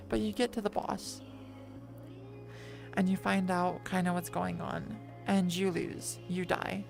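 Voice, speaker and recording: A woman streaming while lying down, rambling casually and doubling back on her words. Her voice sits at an ordinary middle pitch with plenty of gravelly fry. Soft music plays faintly underneath. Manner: rambly, self-correcting, chatty with viewers.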